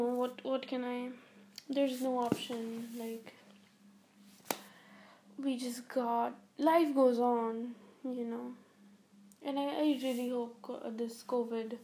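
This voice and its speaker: A woman's voice: on the high side, mellow, a little hiss or hum. A teenage girl hosting a casual solo podcast, her voice groggy and weak as she rambles with lots of fillers and restarts. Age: teens. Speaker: podcast host.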